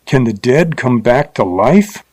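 A man's voice: mid-range voice, expressive, unhurried, darkish tone. A man voicing a boastful, threatening male gunslinger of the Old West in an audiobook. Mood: terrified.

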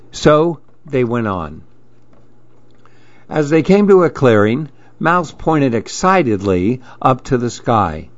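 A man reading a children's storybook aloud in a calm, measured way. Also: medium pitch, no room sound, muffled recording.

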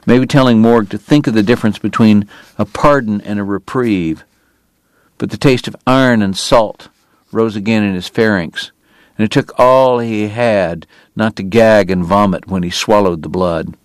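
A man narrating a novel in a measured, steady storytelling voice. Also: on the low side, dry recording. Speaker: audiobook narrator. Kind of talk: scripted narration.

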